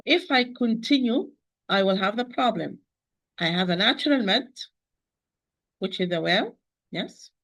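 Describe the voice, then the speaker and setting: A woman's voice: medium pitch, a bit bright. A woman teaching Quran recitation, who works methodically through each sound, demonstrating syllables one at a time and patiently correcting common mistakes. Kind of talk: tajweed pronunciation lesson.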